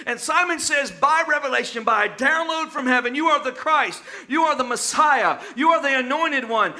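A male preacher with a very high, sharply bright voice delivers a rousing sermon. He shouts and chants his lines, calling on the crowd to answer back. Soft music plays under him. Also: gravelly. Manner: call-and-response preaching, often shouting and chanting.

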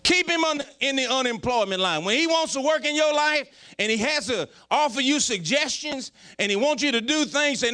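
Lively, high-voiced folksy preacher man. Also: normal speed, few pauses, clean tone. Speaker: pastor. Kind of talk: sermon.

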